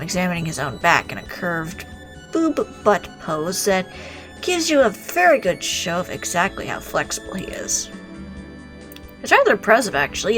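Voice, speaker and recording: A woman reading a visual novel aloud, reacting with animated exclamations and the odd swear word. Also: medium pitch. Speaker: game streamer.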